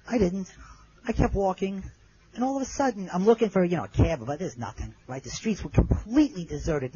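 A middle-aged man telling a personal story in an earnest way. His voice goes low and soft at the moving parts. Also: dull audio, a little hiss or hum.

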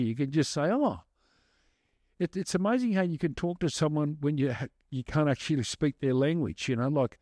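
A chatty man rambles through stories with lots of restarts and fillers. His voice sits a little high for a man. The sound is close and dry. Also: darkish tone, no echo. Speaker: guest musician and advocate. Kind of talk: casual storytelling answers.

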